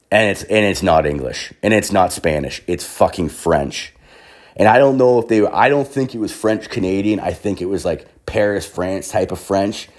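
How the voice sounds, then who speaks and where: A man's voice: sits low, a little mellow. A young man telling a long story in a rambling, profane way, full of swearing and fillers, a bit hungover.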